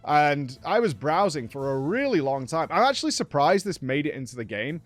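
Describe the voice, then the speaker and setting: A man's voice: on the high side, very animated, brisk, no room sound, soft background music. A man hosting a casual gaming recap, telling the story with laughs and acted-out quotes. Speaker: gaming streamer host.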